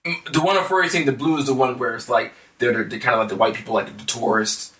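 A man's voice: mid-range voice, steady tone, fast talker, fairly bright tone, reverberant, far from the mic. A man co-hosting a casual music podcast, rambling with many fillers and restarts. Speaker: podcast co-host.

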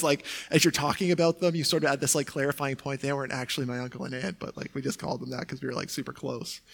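A man's voice: mid-range voice, a bit bright. A young adult man who is a pastor, preaching a sermon in a conversational way, often saying "like" and "right?".

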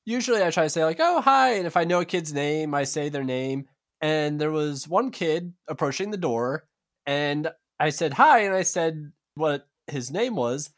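A man co-hosting a casual chat podcast, joking and teasing in wry banter. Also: a little high. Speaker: podcast co-host.

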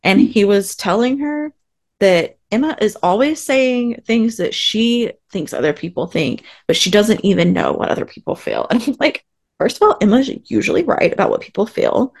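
A woman co-hosting a casual podcast, recapping an episode with animated, sarcastic asides. Her voice sits at a middle pitch and swings up and down a lot as she talks. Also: moderate pace. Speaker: podcast co-host.

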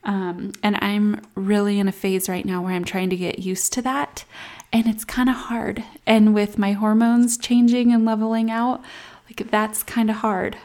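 A woman's voice: medium pitch, flat delivery, unhurried. A woman in her thirties, a new mom, talking candidly and reflectively in a casual vlog, at times near tears. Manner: candid, reflective, soft baby talk asides.

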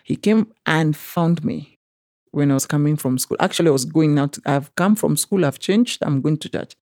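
A woman with a Kenyan accent earnestly tells her personal story in an interview, often restarting and acting out what others said to her. Her deep, darkish voice moves at a moderate pace in a clean studio recording with no room sound.

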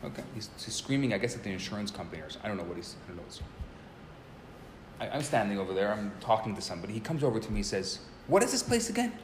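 A man teaching and telling a story in a casual way, animated, often repeating words as he starts a sentence. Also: on the low side, rapid-fire, roomy sound, background noise.

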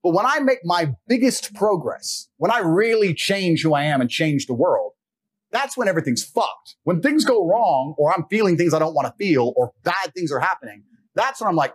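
A man's voice: high voice, very animated, moderate pace, husky. A man giving a blunt, profane, lecturing monologue as a podcast guest. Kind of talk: forceful monologue.

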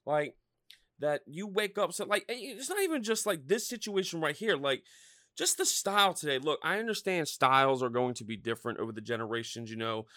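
Man, thirties, podcast host, profane casual rant, animated pitch, dry close mic. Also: a little fast, no echo. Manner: profane, animated ranting with frequent fillers.

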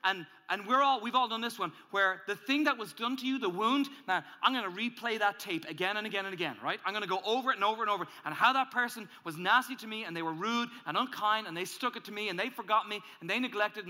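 A male pastor preaching a sermon, animated and emphatic, acting out angry inner voices as he builds. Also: quick pace, hardly any pauses. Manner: animated, acts out angry inner voices, rises in pitch and volume when emphatic. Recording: hall reverb.

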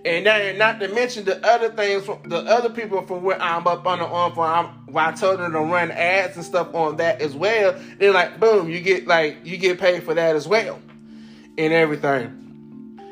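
A man hosting his own podcast, telling a casual story in an animated way, laughing often and acting out the voices of people he quotes. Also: high-pitched, normal speed, soft background music. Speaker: podcast host.

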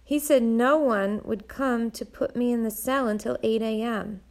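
A woman's voice: a little high, fairly even intonation, measured pace. A woman reading an audiobook, voicing an anxious, determined young girl on the run, speaking urgently and earnestly. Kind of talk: audiobook narration.

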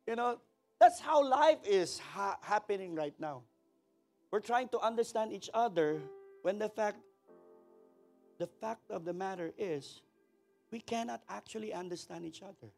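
A man with a Filipino accent preaching a sermon in a church service. He is animated and calls for responses from the congregation. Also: sits high. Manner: switches between English and Tagalog mid-sentence. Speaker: pastor.

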